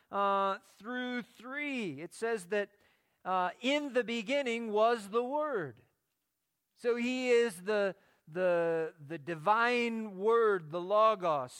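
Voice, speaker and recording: A man's voice: sits high, fairly bright tone, clean tone, dry recording. A man preaching a sermon, earnest and teaching, often repeating words as he starts a phrase. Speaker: pastor.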